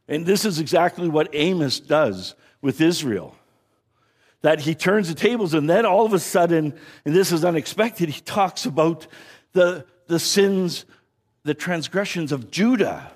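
A man with a somewhat high, husky voice gives a relaxed lecture on scripture. He talks conversationally, often checks in with his listeners and restarts his phrases as he thinks aloud. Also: moderate pace. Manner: frequent restarts and repeated words. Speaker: Bible teacher. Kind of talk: casual lecture.

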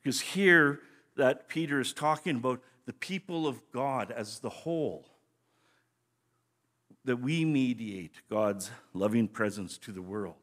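A man's voice: mid-range voice, lively intonation, unhurried, fairly bright tone. A man teaching scripture as a pastor in a conversational, explanatory way, often restarting his phrases. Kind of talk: sermon teaching.

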